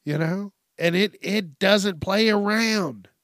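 Man, podcast host, slow drawl, casual rambling, restarts and repeats, dry close sound. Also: high voice, a bit bright, no room sound. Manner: loose, swearing, drifts between topics, breaks into song and whispers; frequent restarts and repeated words.

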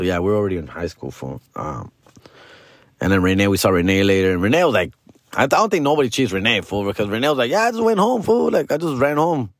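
Recorded dry with clean studio sound, this low-voiced, middle-aged man spins a casual podcast story. He mixes Spanish into his slangy English and keeps addressing the listener as "fool" and "dog."

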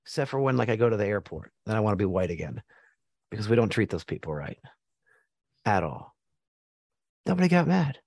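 A man's voice: fairly low pitch, very animated, a little fast, creaky, pauses often, a little mellow, husky, no room sound. An American man hosting a casual sports chat, blunt and joking with plenty of swearing. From United States.

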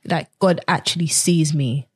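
A woman's voice: low-pitched, a little slow, darkish tone, husky, dry recording, clean studio sound. A young woman earnestly telling a personal story in a conversation, acting out the things people said to her. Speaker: guest.

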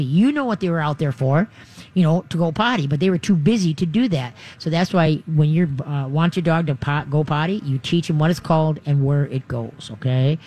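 A man hosting a radio call-in show, giving folksy, animated advice on dog training. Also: on the high side.

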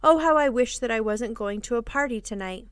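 Woman reading a tender worried mother, soft and dry-sounding. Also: on the high side, brisk, clear, resonant tone, no room sound, lightly acted. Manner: soft and pleading. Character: anxious, gentle young mother.

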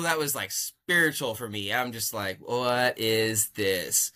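Young male guest, bright voice; animated, chatty anecdote teller who acts out dialogue. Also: lowish voice, slow pace, hardly any pauses. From California. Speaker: podcast guest. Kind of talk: casual storytelling interview.

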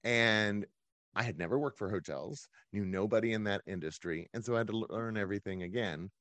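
Low-voiced man recounting his career. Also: a little fast, fairly bright tone, no room sound. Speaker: guest, events business owner. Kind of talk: conversational interview.

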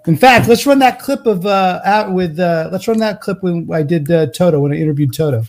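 High-voiced, excitable male show host. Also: fairly quick. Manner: energetic and rambling, laughs often. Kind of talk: casual live show chat.

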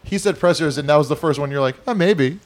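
A man's voice: a little high, racing, slight background noise. A man hosting a podcast, chatting loosely with friends, teasing and swearing freely. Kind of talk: casual chat.

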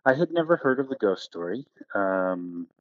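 Deep-voiced man telling a ghost story. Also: sing-song, normal speed, no echo, lo-fi sound. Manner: rambling, with many fillers and restarts. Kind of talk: casual recounted ghost story.

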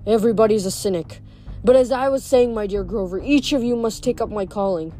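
A woman voicing an ancient, fading male nature god, speaking softly and sorrowfully. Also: medium pitch, faint music behind, close to an everyday voice. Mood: exasperated. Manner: soft, slow, sorrowful delivery.

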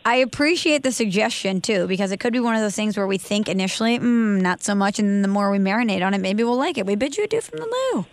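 A woman co-hosting a podcast in casual chat, playful and animated, reading out listener reviews. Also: mid-range voice, fast, few pauses. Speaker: podcast co-host.

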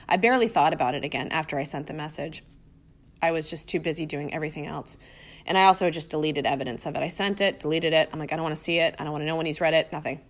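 A woman hosting her own podcast, telling a personal story in a casual, chatty way full of fillers. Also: on the low side. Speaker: podcast host.

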